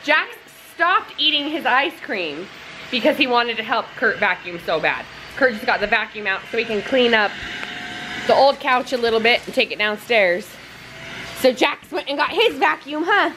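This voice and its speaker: In a noisy, breezy home video, a young mother vlogs around the house and backyard with a fairly high, expressive voice at normal speed. She chats casually and turns playful and sing-song with her toddler.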